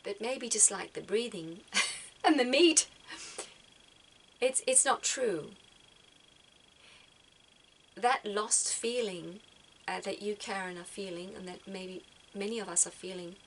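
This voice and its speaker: A woman speaks gently and reflectively, often repeating words as she gathers her thoughts. Her voice sits in an ordinary middle pitch. A faint noise stays in the background. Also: measured pace, low-quality recording. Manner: soft-spoken, repeats words as she thinks. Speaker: spiritual vlogger giving advice.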